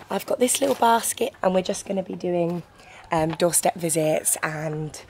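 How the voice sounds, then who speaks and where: A young woman, chatting casually to camera in a vlog, talking quietly and upbeat. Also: on the low side, gravelly, noisy background. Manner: chatty and upbeat, talks softly when speaking to camera. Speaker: vlogger. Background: background music.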